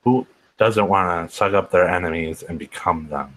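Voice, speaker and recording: A man with a very low, deep voice chats casually as a podcast co-host. He tosses out quick, playful quips and keeps the talk light. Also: fairly bright tone, slight background noise, low-quality recording. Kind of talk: casual chat.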